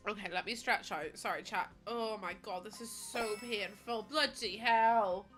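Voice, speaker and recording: A young woman streaming to her chat, talking casually while in pain after surgery, apologetic and emotional, pausing to breathe through it. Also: medium pitch, a bit bright, faint music behind. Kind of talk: casual chat to a livestream audience.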